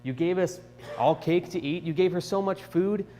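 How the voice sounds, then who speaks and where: A man's voice: sits high, normal speed, mellow, soft background music, pitched above the performer's own voice, lightly acted. A man voicing a prophet pleading with God in bewildered questions, in an echoey church hall.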